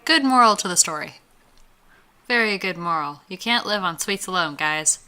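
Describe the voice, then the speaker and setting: A woman's voice: fairly low pitch, lively intonation, moderate pace, pushed and bright, clear, resonant tone. A woman streaming a game, making wry, joking comments. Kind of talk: casual gameplay commentary.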